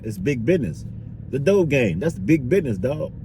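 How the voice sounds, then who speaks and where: A man's voice: medium pitch, big pitch swings, moderate pace, background noise. A man vlogging in a loose, slangy street-talk monologue, filling it with "you dig" and "bro".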